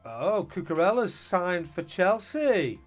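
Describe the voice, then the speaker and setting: A man's voice: high-pitched, very animated, takes it slowly, faint music behind. A man chatting casually on a live stream, greeting viewers and thinking aloud about his team.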